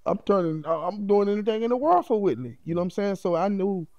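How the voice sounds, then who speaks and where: A middle-aged man speaks as a podcast guest, his voice pitched a touch high yet warm and dark in tone. He tells his story in an animated, heartfelt way and keeps checking in with "you know what I mean." The sound is dry, with no room around it. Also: fast, dry recording, lo-fi sound.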